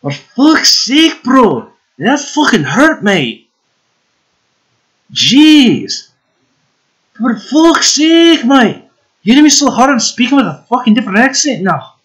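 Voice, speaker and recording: A man's voice: very high voice, sing-song, slow, pauses often, a bit bright, voice pushed up, exaggerated voice. A man doing a swearing young guy in a mock accent. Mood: outraged.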